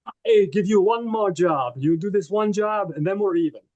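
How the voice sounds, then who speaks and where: A man voicing a gruff, impatient male mob boss in a clumsy put-on Russian accent, firing curt demands while recapping a film. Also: high-pitched, normal speed, darkish tone, dry recording, muffled recording, voice pushed up, lightly acted. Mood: demanding. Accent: put-on Russian accent, poorly done. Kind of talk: casual podcast movie recap.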